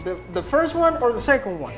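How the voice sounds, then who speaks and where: A woman English teacher in a classroom, slowly repeating prompts and drilling her students. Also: a little high, very animated, soft background music. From Nicaragua.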